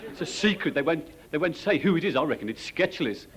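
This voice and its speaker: A man works a stand-up routine in a high, lively voice that swings up and down. He fires off quick jokes and asides to the audience. The live club recording is noisy, with a loud crowd laughing behind him. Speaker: stand-up comedian.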